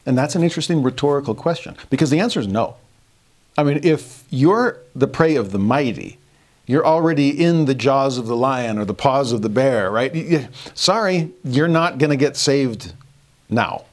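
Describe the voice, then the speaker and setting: A middle-aged man teaching a devotional scripture lesson, telling stories earnestly, moving between hushed and animated delivery. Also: medium pitch, moderate pace.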